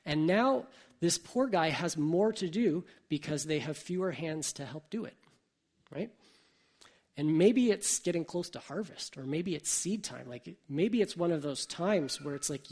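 A man preaching a sermon in a relaxed, conversational way, full of asides and rhetorical questions. His voice is husky with a gravelly edge, and it sits somewhat high for a man. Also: moderate pace. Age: adult parent. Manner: conversational, thinking aloud with frequent "like" and "right?". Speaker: pastor.

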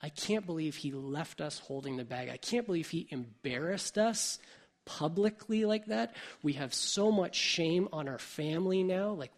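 A man voicing a resentful, bitter older brother, complaining in his own voice during a sermon. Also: a little high. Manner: bitter, self-pitying complaints.

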